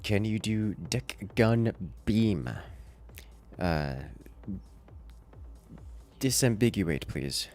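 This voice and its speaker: A man's voice: on the low side, expressive, extremely slow, pauses often, a little mellow, faint music behind. An American man with an urban accent, streaming a game and chatting playfully with his viewers. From United States. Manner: playful, joking with chat. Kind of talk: casual livestream chat while playing.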